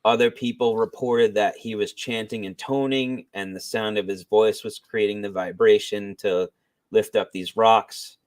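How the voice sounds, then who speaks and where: A man co-hosting a podcast in relaxed casual chat, musing about a story. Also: on the low side, unhurried, no echo. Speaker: podcast co-host.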